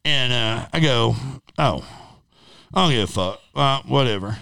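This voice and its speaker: A middle-aged man with a forceful, bright voice that comes through clean and resonant. He talks bluntly and swears freely. His story rambles along with plenty of fillers. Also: mid-range voice, animated, measured pace, vocal fry, clean tone. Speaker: interview guest. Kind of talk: casual storytelling.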